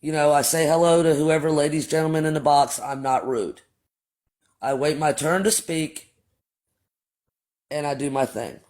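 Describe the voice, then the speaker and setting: A man hosts a casual livestream, speaking in a voice that sits a bit higher than most men's. He tells his story bluntly, swears freely and keeps addressing his viewers directly. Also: steady tone, normal speed, pauses often, a little mellow. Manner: blunt and profane, addresses chat as y'all. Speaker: livestream host.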